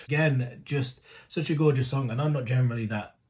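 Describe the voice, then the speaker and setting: A man reacting to music videos in casual commentary, excitable, swearing often and talking straight to the screen. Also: medium pitch, normal speed.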